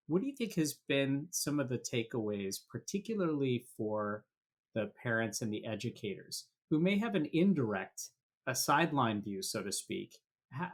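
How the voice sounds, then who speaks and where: A male podcast host asks a long, thoughtful question in an interview. He circles and restarts as he works his way toward the point, and his voice sits at an everyday male pitch.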